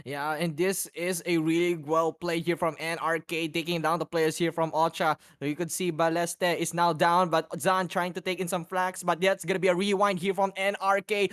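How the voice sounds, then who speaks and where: A man's voice: on the high side, level tone, normal speed, few pauses, a bit bright, clean tone. A man co-casting an esports match, rambling and hedging as he breaks down plays. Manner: rambling, hedging, laughing with his co-caster. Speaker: shoutcaster. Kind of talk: esports color commentary.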